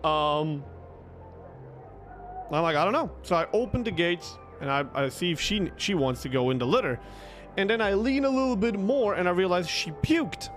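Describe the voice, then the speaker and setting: A young man casually telling a long, animated story, swearing freely and restarting his sentences. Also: sits high, moderate pace, soft background music. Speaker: streamer telling stories.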